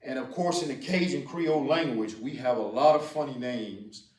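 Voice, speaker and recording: A man's voice: mid-range voice, normal speed, a little mellow. A man with a Louisiana accent teaching Cajun French vocabulary, patiently repeating each word. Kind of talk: slow spoken language lesson. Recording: roomy echo, distant mic.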